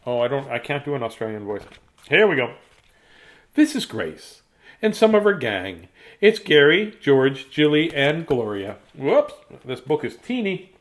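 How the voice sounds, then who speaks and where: A playful man reads a children's picture book aloud in a casual, jokey way, breaking off for silly asides. His voice sits a little high and swings widely in pitch. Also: sing-song, unhurried. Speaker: host reading picture books aloud.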